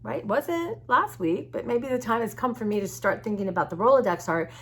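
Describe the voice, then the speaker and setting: At home, a woman vlogs about her art journaling, chatting to her viewers in a rambling, open-hearted way with many restarts. Her voice is a little high and husky, with big pitch swings, and she talks a little fast.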